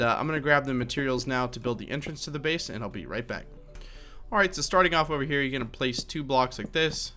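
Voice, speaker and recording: His medium-pitched voice is bright and forceful as this young Minecraft creator narrates a building tutorial. The voice-over is casual and chatty, rambling along with many fillers and repeated self-corrections.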